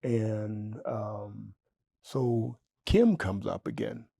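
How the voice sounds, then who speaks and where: A man in his sixties, an interview guest telling a story in a lively way, jumping up in pitch when he quotes himself. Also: drawn-out words, creaky, slightly rough, no echo, studio quality. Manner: animated storyteller, jumps high in pitch when quoting himself.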